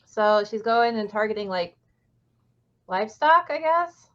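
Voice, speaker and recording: A woman's voice: on the high side, expressive, a little slow, a bit bright. A woman co-hosting a comics podcast in casual chat, blunt and sarcastic with many fillers. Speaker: podcast co-host. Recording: slightly dull lo-fi sound.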